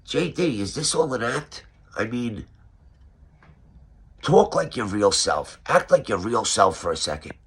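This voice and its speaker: Man, New York accent, roast host; husky, sarcastic mock-interview delivery. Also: medium pitch, very animated, measured pace, pauses often. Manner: sarcastic, mock-serious questioning.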